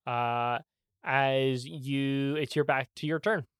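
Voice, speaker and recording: Slow, easygoing game master. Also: medium pitch, fairly even intonation, a bit bright, smooth, no room sound, studio quality. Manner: slow, unhurried narration with frequent fillers and chuckles. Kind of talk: narrating a tabletop game.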